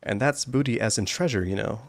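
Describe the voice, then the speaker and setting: A man's voice: lowish voice, creaky, no echo, faint music behind. A man putting on a hammy pirate voice for a fox animatronic figure in a video game, stretching his words out. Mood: swaggering. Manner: drawn-out pirate accent, hammy.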